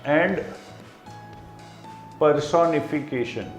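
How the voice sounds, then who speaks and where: A man with an Indian accent teaching a class, explaining slowly and repeating key terms. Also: fairly high pitch, reverberant, faint music behind. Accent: Indian English. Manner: explains slowly with repetition, mixing in Hindi asides. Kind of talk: classroom lecture.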